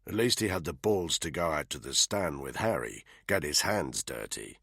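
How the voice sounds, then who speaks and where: A man's voice: very deep voice, lively intonation, normal speed, creaky, fairly bright tone, breathy edge, dry recording, studio quality, exaggerated voice. A man voicing a blunt, level-headed soldier in an audiobook.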